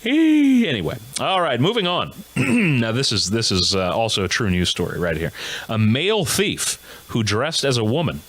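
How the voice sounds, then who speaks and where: A man's voice: medium pitch, wildly swooping pitch, normal speed, fairly bright tone. A man hosting a comedic news monologue who laughs at his own gags. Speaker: comedy show host.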